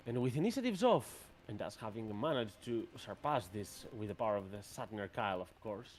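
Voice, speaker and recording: A man running a tabletop game as game master, narrating the action in an animated way with many fillers. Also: fairly low pitch, a little fast, a little hiss or hum.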